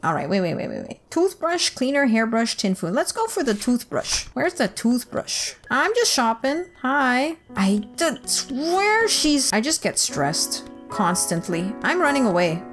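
A woman's voice: fairly high pitch, sing-song, normal speed, few pauses, soft background music. A young woman giving silly let's play commentary, talking to the game's characters and pleading in squeals.

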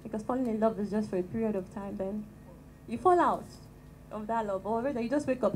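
A Nigerian woman with a tiny, soft voice, praying and speaking calmly and gently to a church women's gathering into a handheld microphone. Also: on the high side, a little fast, poor audio. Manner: calm and gentle, chatty with light laughs. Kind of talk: prayer and talk to a church gathering.

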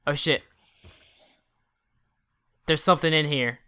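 A let's play gamer swearing and shouting at enemies while commenting on the game to the viewer. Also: mid-range voice, slow, clear, resonant tone. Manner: profane, excitable, yells at enemies on screen; talks to the viewer while playing. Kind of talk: casual gameplay commentary.

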